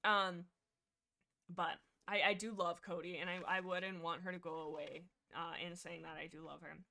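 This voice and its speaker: A young woman hosting a casual book discussion livestream, rambling excitedly with many fillers and restarts. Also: lowish voice, moderate pace, creaky. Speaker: livestream host.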